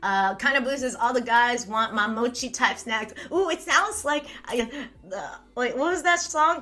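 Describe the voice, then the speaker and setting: A bright, fairly high-voiced woman in her thirties hosts a casual live stream. She reads chat aloud, rambles, mocks herself, and giggles often. She is from California. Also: measured pace. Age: 30s. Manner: giggly, rambling, self-mocking, laughs often.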